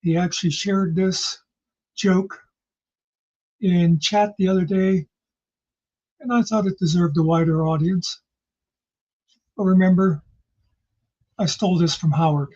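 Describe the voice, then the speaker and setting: A man's voice: high-pitched, fairly even intonation, unhurried, pauses often, darkish tone, lo-fi sound. A man casually telling jokes as host, rambling and folksy in his storytelling.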